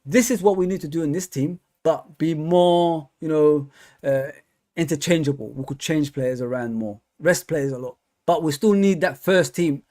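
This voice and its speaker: Chatty football fan hosting a live stream. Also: male voice, a little high, moderate pace, darkish tone. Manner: casual and chatty, with many fillers and repeats. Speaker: fan channel host.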